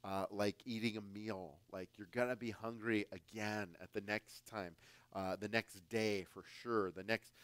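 A man from the United States, a guest pastor preaching a conversational, emphatic sermon that swings between louder and softer. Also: lowish voice, steady tone, unhurried, clear, resonant tone, no room sound.

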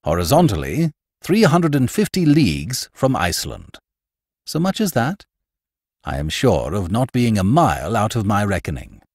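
A sure, lecturing older professor who answers every doubt with calm authority, as a reader puts him on. His low voice moves with lively inflection. The sound is dry and close. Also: moderate pace, no room sound. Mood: confident. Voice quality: assured, explanatory. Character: confident older male professor, lecturing uncle.

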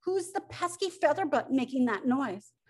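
A woman's voice: high-pitched, animated, moderate pace. A woman voicing a grumpy, sleep-loving male bear who grumbles at being woken. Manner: grumbling, cross.

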